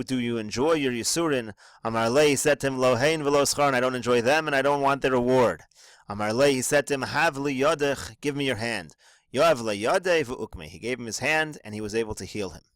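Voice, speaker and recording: A man's voice: medium pitch, a bit bright, no room sound, poor audio. Dry-voiced man teaching line by line. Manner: reads each phrase in the original, then explains it in English. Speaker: Talmud teacher. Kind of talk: reading and translating a text line by line.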